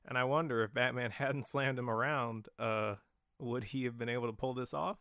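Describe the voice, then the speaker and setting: Podcast co-host, male, mid-pitched and gravelly, retells scenes with laughing asides. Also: fairly even intonation, moderate pace, pushed and bright, no room sound, clean studio sound. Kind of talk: casual movie discussion.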